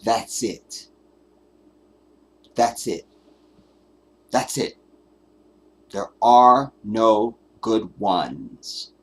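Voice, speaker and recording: A man's voice: lowish voice, expressive, very slow, long pauses, breathy edge. A man hosting a live stream, delivering an emphatic, profane, preachy commentary rant. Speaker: livestream host.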